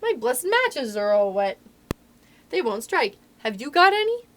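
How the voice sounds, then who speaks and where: Casting: a bustling little doctor, kindly and fussy, brisk and pitched high with big swings, read by a woman. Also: big pitch swings, slight background noise.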